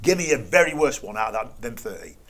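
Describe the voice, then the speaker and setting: A middle-aged Englishman spins a story as an interview guest. He acts out both sides of the exchanges he retells, his tone incredulous and dry. His voice sits at an ordinary, unremarkable pitch for a man. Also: sing-song, fast talker, a bit bright. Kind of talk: anecdotal storytelling in conversation.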